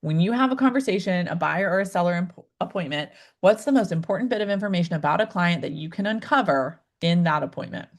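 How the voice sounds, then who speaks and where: A woman coaching new real estate agents in a live online session, addressing viewers directly and acting out client conversations with lively swings in her voice. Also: quick pace, hardly any pauses. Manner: upbeat, acts out client dialogues with big pitch swings; addresses viewers directly, asks them to type in chat.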